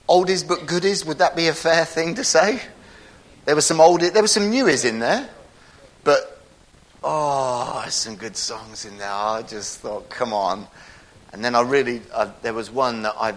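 A man's voice: medium pitch, fairly bright tone. A man, a pastor giving a jokey, rambling sermon in church.

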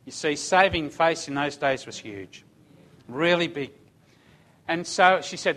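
An older man recounts his own story as a religious testimony. He speaks earnestly and conversationally, in a voice a touch higher than most men's. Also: expressive, unhurried, pauses often, a bit bright.

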